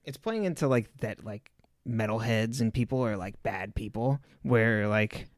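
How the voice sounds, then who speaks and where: A man's voice: fairly low pitch, a little slow, no room sound, studio quality. A man from Southern California co-hosting a podcast, recapping a TV episode in casual chat with rambling anecdotes and frequent laughter. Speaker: podcast co-host.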